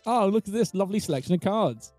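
A man bantering and swearing loudly with friends over voice chat during a card game. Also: sits high, lively intonation, fast, no echo, faint music behind. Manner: rowdy, swearing, laughing. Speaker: gamer.

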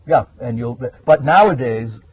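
A man's voice: medium pitch, lively intonation, a little slow, darkish tone, breathy edge, highs cut off. A man, a meteorologist guest explaining things in a rambling, hesitant way. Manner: rambling, hesitant with many uhs. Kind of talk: casual explanatory chat. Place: outdoors in a garden.

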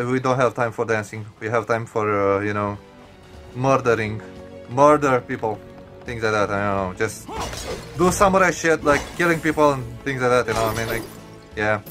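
A young man giving casual gameplay commentary, excitable and profane, stuttering and restarting, with sudden high yelps.

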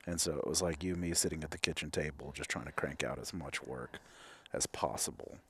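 A man's voice: very deep voice, a little fast, a bit bright, breathy edge. A man in his thirties, a counselor hosting a candid conversation, reflective, with many fillers and restarts. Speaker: clinical counselor and host.

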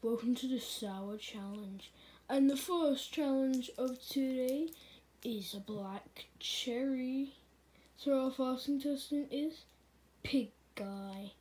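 High slow lady hosting a plush toy skit, announcing. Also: dark tone. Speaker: host of a plush toy sour challenge.

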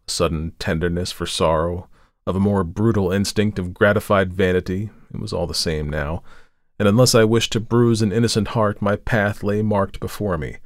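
A man with a low, deep voice reads a story aloud in a measured, dramatic way. The sound is dry and close, with no room echo at all. It has the steady feel of a careful audiobook narration.

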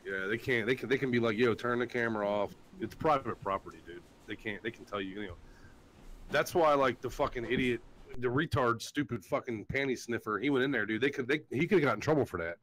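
A man's voice: medium pitch, fast talker, fairly bright tone, slight background noise, low-quality recording. A man hosting a casual livestream chat, telling stories in a profane, ranting way. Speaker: show host.

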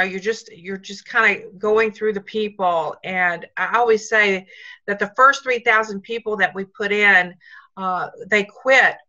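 A woman's voice: medium pitch, pushed and bright, highs cut off. A woman team leader giving upbeat, repetitive motivational coaching on a video call.

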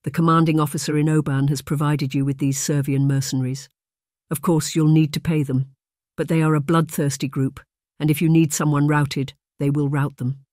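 A man playing a soft-spoken messenger. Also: a little high, little pitch movement, normal speed, no echo, studio quality, natural voice. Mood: deferential. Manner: soft, quiet. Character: quiet, deferential male messenger.

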